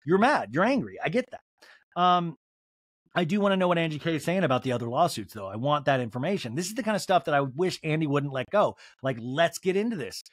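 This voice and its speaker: A man hosting a podcast, talking with a bouncy, lively pitch as he gives a profane, gossipy recap. His voice sounds close and dry, with no room sound. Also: fairly quick, no room sound. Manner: animated, profane, chatty. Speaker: podcast host.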